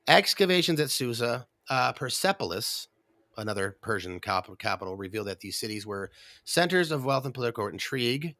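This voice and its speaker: A man's voice: medium pitch, big pitch swings, a little fast, sharp tone, dry recording. A man co-hosting a casual Bible study talk show, reading historical notes aloud and joking in between. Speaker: co-host.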